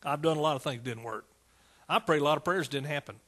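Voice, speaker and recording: A man's voice: fairly high pitch, fast, a bit bright, husky. A man preaching a fervent sermon, calling out to his congregation.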